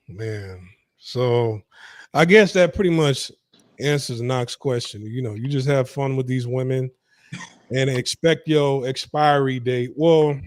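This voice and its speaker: A man's voice: mid-range voice, dry recording, clean studio sound. A man hosting a podcast, asking questions in a laid-back, casual way and swearing now and then. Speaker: podcast host. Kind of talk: casual interview chat.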